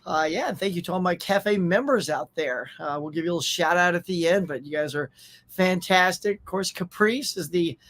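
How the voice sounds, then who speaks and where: A man's voice: high voice, a little fast, fairly bright tone. A man with an American accent hosting a live pop culture stream, chatting casually, reading out viewer names and laughing often. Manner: upbeat, chatty, laughs often, reads chat aloud.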